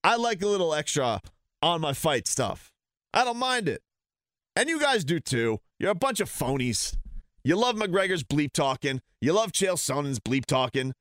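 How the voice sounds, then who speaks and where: A man's voice: a little high, very animated, moderate pace, a bit bright, no room sound, clean studio sound. A man ranting heatedly and sarcastically as a sports talk host.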